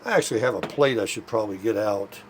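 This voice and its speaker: Here the older man talks fast in a fairly low voice, chatting to camera as he cooks at his RV in a relaxed, folksy vlog. Tiredness and a bit of breathlessness come through. The scene spans the inside and outside of an RV park, and there's a light hiss or hum on the audio.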